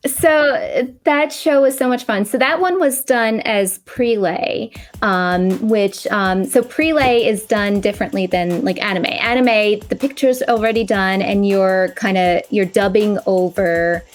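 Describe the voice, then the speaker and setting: A woman with a General American accent talks slowly and easily as an interview guest. She laughs often and fills pauses with little ums and uhs. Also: mid-range voice, soft background music. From Long Island, New York. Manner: relaxed, laughs often, many fillers. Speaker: voice actress guest. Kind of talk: casual interview chat.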